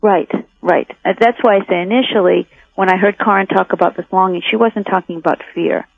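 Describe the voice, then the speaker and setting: Over the telephone, a documentary filmmaker gives interview answers as a guest, thinking aloud about her reasons and often starting sentences over. Her gravelly voice is mid-pitched and steady, and she talks fairly fast. The phone sound is tinny, with no room tone or echo.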